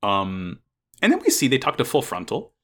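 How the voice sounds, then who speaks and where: A man's voice: mid-range voice, huge pitch swings, moderate pace. A man in casual chat recapping an anime episode as a podcast co-host, rambling with restarts and frequent swearing.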